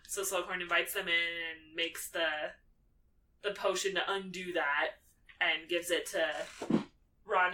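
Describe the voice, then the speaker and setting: A woman's voice: lowish voice, pushed and bright. A young woman co-hosting a podcast, casually recapping a film in a breezy way, swearing now and then and acting out characters. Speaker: podcast co-host. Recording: distant mic, faint background noise.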